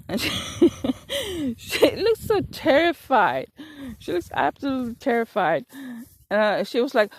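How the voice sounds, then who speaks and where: A woman's voice: medium pitch, sing-song, measured pace, long pauses, no room sound. A middle-aged woman telling a rambling, sarcastic story outdoors while out of breath and coughing from allergies. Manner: sarcastic, rambling, laughs at herself. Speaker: vlogger. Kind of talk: casual storytelling while walking. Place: outdoors on a walk.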